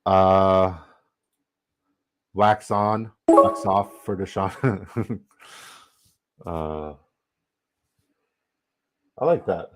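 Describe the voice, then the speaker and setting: Rowdy, low-voiced young man streaming. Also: very slow, long pauses. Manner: excitable, rambling, profane. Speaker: livestream host. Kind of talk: casual livestream commentary.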